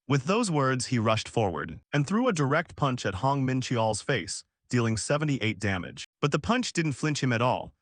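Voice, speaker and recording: A man narrating a comic story recap in a scripted, animated way. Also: medium pitch, moderate pace, few pauses, dry recording, clean studio sound.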